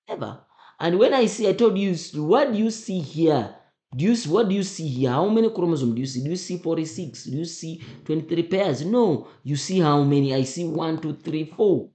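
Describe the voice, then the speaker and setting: A man's voice: on the high side, mellow. A man teaching, going over exam answers with emphatic repetition and frequent checks that students understand. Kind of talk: exam memo walkthrough lesson. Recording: echoey room.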